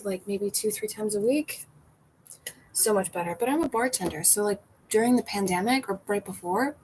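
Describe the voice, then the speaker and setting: A woman's voice: medium pitch, low-quality recording. Woman on a casual livestream, chatty, laughs a lot, swears freely, faint background hiss. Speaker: bartender and comedian hosting a livestream.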